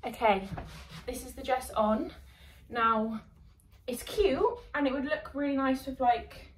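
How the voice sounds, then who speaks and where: A woman's voice: high voice, a little slow. Chatty young woman, a bit far off. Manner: chatty, bubbly, laughs often. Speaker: fashion vlogger. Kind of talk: casual haul chat. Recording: distant mic, faint room noise.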